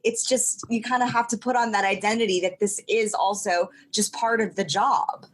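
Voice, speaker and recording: A woman's voice: mid-range voice, steady tone, moderate pace. A woman hosting a casual podcast interview, reflecting thoughtfully in long, run-on sentences. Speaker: podcast host.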